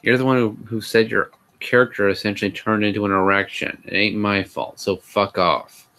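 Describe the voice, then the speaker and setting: A man's voice: on the low side, level tone, moderate pace, bright, forceful tone. A man hosting a sarcastic comedic live reading, with exasperated sighs and asides. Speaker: host reading a fan fiction aloud.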